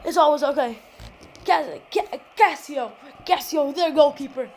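A woman giving excited, rapid play-by-play football game commentary at home, yelling at the players. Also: sits high, a little hiss or hum, poor audio. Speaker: gameplay commentator.

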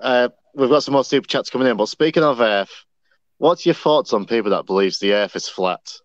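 A man hosting a casual livestream, reading out donations and tossing in brief, relaxed questions. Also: medium pitch, fairly quick, dry recording. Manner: relaxed, brief interjections and read-outs. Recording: dull, dry lo-fi stream audio.

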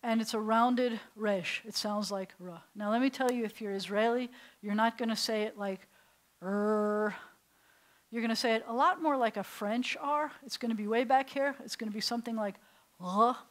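A middle-aged woman rabbi teaches adult beginners Hebrew in a synagogue classroom, weaving in stories while quizzing the class. Her voice is a little high and a little fast, and the recording is rough.

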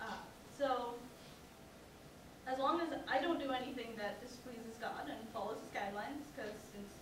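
Speaking at normal speed in a fairly high pitch, this student delivers a self-mocking, sarcastic personal talk at a campus event. She's a young adult woman standing in a lecture hall without using the microphone. The audio sounds far off, noisy, and full of hall echo.

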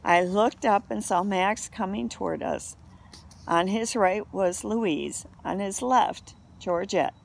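Woman, storybook reader, slow and gravelly; steady unhurried narration. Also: fairly low pitch, a little hiss or hum. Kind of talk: reading a children's novel aloud.

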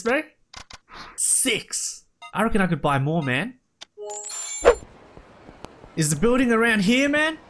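A man giving casual, excitable gameplay commentary, full of slang and shouts at the game. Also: sits high, slight background noise. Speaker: let's play gamer. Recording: loud game music underneath. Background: game music.

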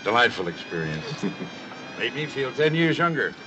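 An actor playing a suave, flattering state governor at a society reception in a 1960s film. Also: male voice, medium pitch, moderate pace, muffled recording, background noise, natural voice.

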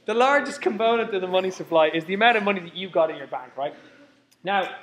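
A man with a high, light voice lectures a room of students. He keeps checking in with "okay?", says the main points twice and throws in joking asides. His voice sometimes drifts back from the mic in the lecture hall. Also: lively intonation, fast talker, fairly bright tone. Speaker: university lecturer. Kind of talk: live lecture.

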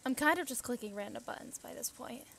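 Young woman gamer, slow chatty commentary, higher voice with some fry. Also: fairly bright tone, a little hiss or hum. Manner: chatty, thinks aloud, gasps and squeals at the game. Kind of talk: casual let's play commentary.

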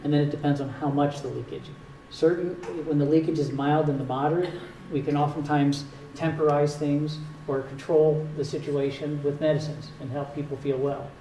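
In a retirement home's community hall, a cardiologist with a Northern US accent patiently explains heart health, adding a few dry jokes. His voice is on the high side but dark, steady, at normal speed with few pauses. Echo, a distant mic, and faint hiss mark the recording.

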